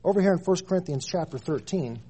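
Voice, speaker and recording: A husky, mellow-toned man in his thirties delivers a sermon. He leans hard into key phrases, repeating them for weight, and sits a little higher in pitch than most men. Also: animated, fast. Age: 30s. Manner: preaching with rising emphatic stresses and repeated phrases. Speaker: preacher.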